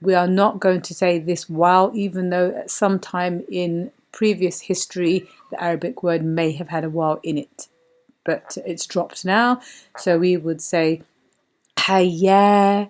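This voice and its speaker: A woman teaching Quran reading step by step, patient and repeating words slowly with many fillers. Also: on the low side, steady tone, a little mellow.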